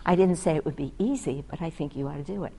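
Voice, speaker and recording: A woman's voice: deep voice, fast, gravelly, mellow, slightly rough, low-quality recording. A woman physician earnestly telling a story about a patient, reflective and acting out the conversation between them. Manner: earnest, reflective, acts out dialogue.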